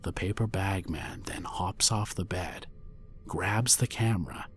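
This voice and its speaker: Low-voiced guy narrating a creepypasta, slow and hushed, almost whispering, soft music under it. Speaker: horror story narrator. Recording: faint music bed under voice.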